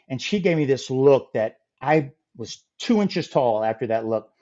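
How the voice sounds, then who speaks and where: A middle-aged man telling a funny story as a podcast guest, lively and acting out the people in it. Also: mid-range voice, measured pace, hardly any pauses, highs cut off. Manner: animated, acts out quoted voices. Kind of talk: casual storytelling.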